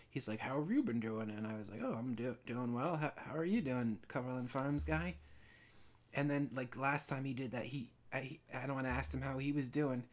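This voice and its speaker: A man live streaming while he animates, telling a casual story with many restarts and frequent throat clearing. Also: mid-range voice. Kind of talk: rambling casual anecdote.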